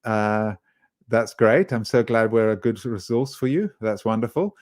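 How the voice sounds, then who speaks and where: A man's voice: lowish voice, a little slow, darkish tone. A man from South Africa hosting a live online workshop on social media writing, chatty and hesitant with many fillers. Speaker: webinar trainer.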